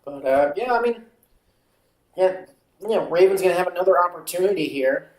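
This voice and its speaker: A watchalong streamer calling the game play by play, stretching out calls and drifting into casual asides, on a mic that peaks on loud moments. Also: medium pitch, brisk, echoey room, low-quality recording. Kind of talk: amateur play-by-play commentary.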